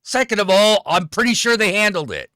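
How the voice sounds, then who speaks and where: A fired-up man rants on his stream, swearing often and dripping with sarcasm. His voice sits a little high and leaps up and down in pitch. The sound is close and dry, with no room around it. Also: big pitch swings, fairly quick, sharp tone, no room sound. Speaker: streamer host. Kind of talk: profane political rant.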